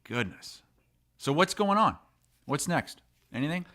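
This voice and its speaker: Bright, forceful man for casual sports-podcast banter, quick to laugh and curse. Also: a little high, very animated. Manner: jokey, laughs often, swears casually. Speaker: podcast co-host.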